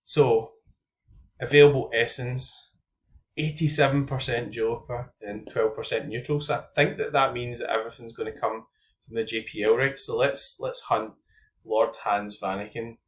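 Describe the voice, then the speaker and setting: A man's voice: medium pitch, fairly even intonation, normal speed, slight background noise. A young man hosting his own channel, talking casually and thinking aloud as he goes through his fantasy football cards, with lots of "like" and "um". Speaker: YouTube host.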